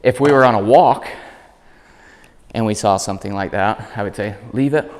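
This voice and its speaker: Calm low-voiced male dog trainer. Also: moderate pace, in a large hall. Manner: calm explaining, high praise voice for dog. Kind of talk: instructional demonstration.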